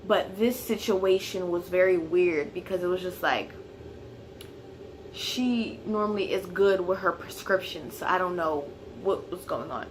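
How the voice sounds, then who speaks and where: A woman telling a personal story in a casual vlog, chatty and full of fillers, turning loud and heated at the tense parts. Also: fairly low pitch, unhurried, a little hiss or hum. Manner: grows loud and heated when retelling the fight. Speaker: vlogger.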